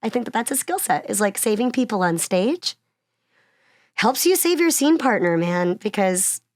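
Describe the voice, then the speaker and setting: A woman from Miami talks through an interview with an animated, chatty storytelling manner, laughing often between phrases. Her voice sits at a middling pitch, and it is recorded close and dry, with almost no room sound. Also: normal speed, no echo. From Miami, Florida. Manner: chatty, uses many fillers like "like" and "you know". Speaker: actress and singer-songwriter guest. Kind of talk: casual conversational interview.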